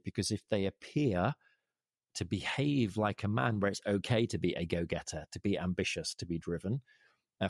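A man with a low, gravelly voice talks through an interview, earnest and fond of rhetorical questions. The sound is close and dry, with no room around it. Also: dry recording. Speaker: guest, leadership advocate. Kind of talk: conversational interview.

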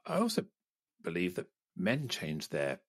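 A man interviewing a guest, speaking in a measured, somewhat halting way. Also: low voice, wildly swooping pitch, no room sound, clean studio sound. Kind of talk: conversational interview.

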